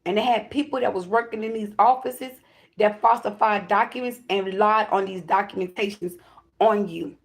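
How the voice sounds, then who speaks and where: A woman who calls herself a high priestess, delivering a channeled spiritual message to her viewers in emphatic, repetitive declarations with casual swearing. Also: normal speed, vocal fry. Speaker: self-described high priestess giving a spiritual reading.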